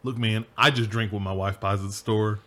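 A man's voice: lowish voice, steady tone, brisk, pushed and bright. A man hosting a casual gaming podcast, rambling with restarts and laughing often. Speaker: podcast host.

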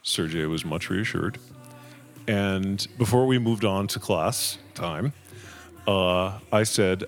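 A man's voice: sits low, slow pace, faint music behind. A man telling a funny personal story on a live event stage, self-amused and chuckling through his lines. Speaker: audience storyteller.

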